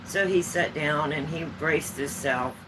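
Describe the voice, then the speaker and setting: A woman's voice: low voice, measured pace, background noise. A woman vlogger chatting at home, telling homespun stories in a rambling, easygoing way. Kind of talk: casual storytelling chat.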